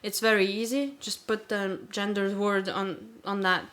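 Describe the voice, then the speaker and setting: Lithuanian-born woman chatting haltingly. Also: mid-range voice, steady tone, fairly bright tone. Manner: hesitant, restarts often, laughs easily. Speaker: podcast co-host. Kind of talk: casual chat.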